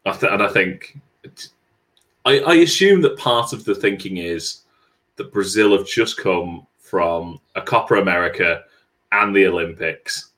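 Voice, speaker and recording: A man co-hosting a casual football podcast, speaking haltingly with repeated words and dry jokes. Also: low-pitched, fairly bright tone. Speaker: podcast co-host.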